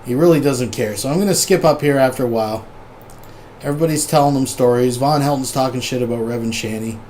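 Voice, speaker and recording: A man's voice: mid-range voice, quick pace, a little mellow, a little hiss or hum. A man hosting, giving sardonic, casual commentary over clips to his audience. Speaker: host commentator.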